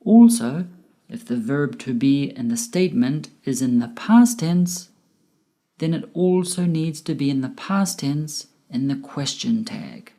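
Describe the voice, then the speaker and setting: A woman with a low, mellow voice narrates a grammar lesson. She speaks at an unhurried pace and pronounces each word clearly, like a teacher reading from a script. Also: animated. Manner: slow, careful, clearly enunciated explanation. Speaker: English teacher.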